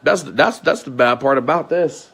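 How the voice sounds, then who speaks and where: A man's voice: mid-range voice, animated, moderate pace, fairly bright tone, slightly rough. A man vlogging, ranting at length to his viewers in an aggrieved, repetitive way, often swearing.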